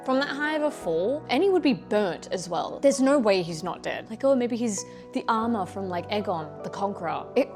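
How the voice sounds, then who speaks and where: A young woman hosting a reaction video, chatting casually and excitedly, often gasping and exclaiming. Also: mid-range voice, moderate pace, hardly any pauses, over music.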